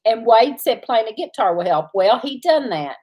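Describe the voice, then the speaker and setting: A woman's voice: on the high side, expressive, normal speed, slightly rough, highs cut off. A woman, chatting casually as co-host of a livestream, laughing often as she tells stories. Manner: laughs often, drawling storyteller. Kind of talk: casual live chat.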